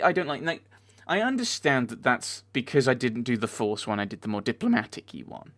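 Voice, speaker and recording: A man's voice: medium pitch, expressive, a little fast, few pauses, a bit bright. A man giving let's play commentary, talking back to the game characters and getting easily exasperated. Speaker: video game player.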